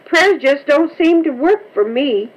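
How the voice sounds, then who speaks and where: A woman's voice: high-pitched, lively intonation, measured pace, pitched above the performer's own voice, rough recording. A woman voicing a tearful little girl under ten who pleads with her father. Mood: pleading. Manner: pleading, sobbing.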